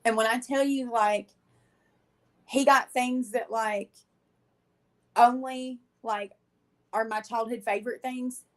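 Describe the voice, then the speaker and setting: Podcast guest: woman, slightly high voice, casual and animated storytelling. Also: slow, long pauses. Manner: animated, laughs often, acts out quotes. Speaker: guest telling her story.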